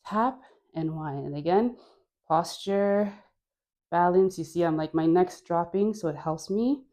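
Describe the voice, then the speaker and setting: A woman dance instructor calls out steps in a slow, easy cadence while moving, her voice mellow and relaxed. She is encouraging and playful and laughs between cues. Her breath shifts as she dances with a mic on. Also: on the low side. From Caribbean. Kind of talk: guided dance class. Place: dancing while talking. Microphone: wearing a mic.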